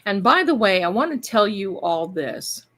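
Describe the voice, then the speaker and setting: A woman's voice: medium pitch, sing-song, normal speed, a bit bright. A woman hosting a casual livestream, chatting and rambling to her viewers. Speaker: live-stream host.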